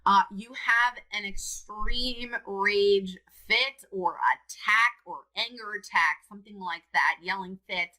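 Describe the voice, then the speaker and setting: A woman's voice: medium pitch, takes it slowly, hardly any pauses, sharp tone, rough recording. A woman, a support coach, talking earnestly and candidly to camera about her own experience. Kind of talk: direct-to-camera personal talk.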